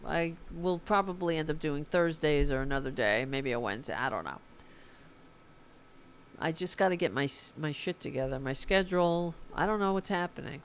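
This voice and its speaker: A woman's voice: deep voice, expressive, moderate pace, slight background noise. A tired woman hosting a political livestream, chatting casually and swearing as she reads the chat and signs off. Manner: informal and profane, fired-up about politics.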